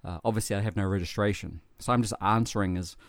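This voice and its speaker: New Zealand man, sweary animated storyteller. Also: lowish voice, quick pace, no room sound, studio quality. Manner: swears freely, animated and emotional retelling. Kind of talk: casual podcast storytelling.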